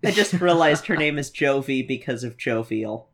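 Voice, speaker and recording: A woman co-hosting a casual podcast chat, making joking asides and quick replies. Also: very deep voice, animated. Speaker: podcast co-host.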